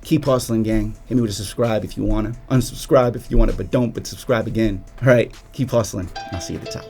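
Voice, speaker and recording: A man's voice: on the low side, steady tone, quick pace. A man from Chicago, a music industry YouTuber, ranting emphatically to camera with streetwise slang. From Chicago, United States. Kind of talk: direct-to-camera rant.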